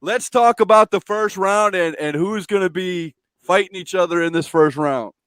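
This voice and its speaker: A man's voice: sits high, normal speed, a bit bright, clear, resonant tone, no room sound. A man hosting a casual live stream from home, chatting, reading out viewer comments and laughing often. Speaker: show host.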